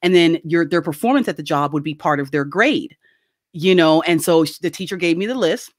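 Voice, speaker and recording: A middle-aged woman telling a casual story on a video call, animated and laughing often as she acts out quoted voices. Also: low voice, fairly quick, no room sound, clean studio sound. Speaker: guest.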